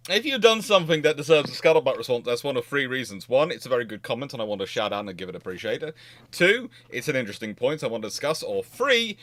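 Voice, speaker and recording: A male naval historian hosting a casual livestream chat, animated and sarcastic, acting out both sides of the arguments he describes. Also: medium pitch, quick pace, no echo. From half Scottish, half Cornish.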